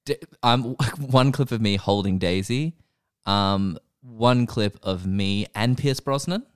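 A man's voice: lowish voice, slow, clean tone, no room sound, clean studio sound. A young man hosting a podcast, telling rambling comic stories in a playful, joking way. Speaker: podcast host. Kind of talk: casual joking chat.

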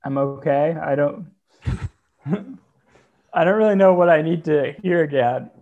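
A man's voice: on the high side, unhurried, narrow, tinny audio. A man co-hosting a casual podcast, asking dry, skeptical questions. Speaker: podcast co-host.

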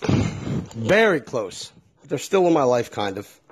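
Blunt, swearing man with a husky voice. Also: mid-range voice, sing-song, takes it slowly. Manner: blunt and profane, with a lot of feeling. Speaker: podcast host. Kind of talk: candid solo podcast monologue.

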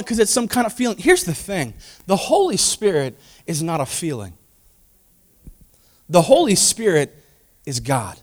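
A man with a notably high voice delivers a sermon to his congregation. He is animated and conversational, acting out quoted voices and dropping from loud, emphatic lines to near-whispers. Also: measured pace, pauses often. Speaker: pastor.

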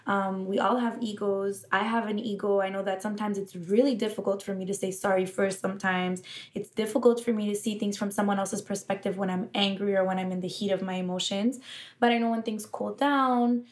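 Animated, laughing woman telling stories. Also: medium pitch, fairly quick. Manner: animated storyteller, laughs often. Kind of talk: casual chat.

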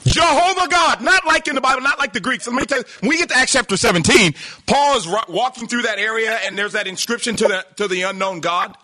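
A man preaching a sermon, emphatic and animated, reading scripture and breaking into exclamations. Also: extremely high pitch, quick pace, no room sound.

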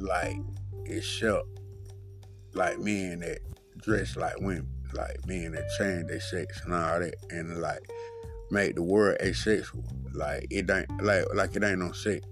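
A man hosting his own solo podcast, talking in a profane, rambling, loose way with lots of fillers. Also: fairly low pitch. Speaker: podcast host.

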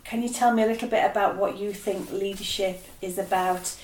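A woman's voice: medium pitch, fairly even intonation, brisk, a little mellow, echoey room, a little hiss or hum. Chatty Yorkshire woman hosting a podcast. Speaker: podcast host. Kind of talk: podcast interview.

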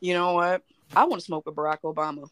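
A young adult woman co-hosting a podcast, chatting casually, opinionated and animated, laughing a lot. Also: lowish voice, quick pace. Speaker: podcast co-host. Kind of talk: casual chat.

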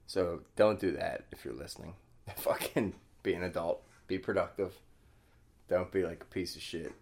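Casting: thirties male podcast guest, very low voice, laid-back skater talk, heavy swearing. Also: moderate pace, a little mellow. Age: 30s. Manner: laid-back, swears a lot, laughs often. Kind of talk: casual chat.

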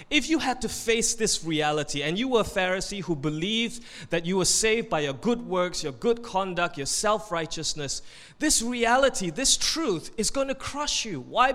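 High-voiced emphatic male preacher. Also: a bit bright. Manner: emphatic, rising on key points, tells jokes. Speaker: pastor. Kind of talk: sermon. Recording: reverberant hall.

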